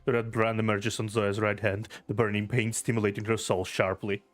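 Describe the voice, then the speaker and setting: A man's voice: on the low side, flat delivery, brisk, soft background music. A man streaming a game, reading the story text aloud and chatting, laughing and swearing easily, a bit teary-eyed.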